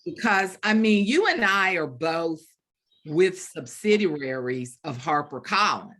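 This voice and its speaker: A middle-aged woman, an author, telling a story in an animated way at a bookstore event, with lots of fillers and restarts. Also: lowish voice, slow. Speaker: author guest. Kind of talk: storytelling conversation at a book event.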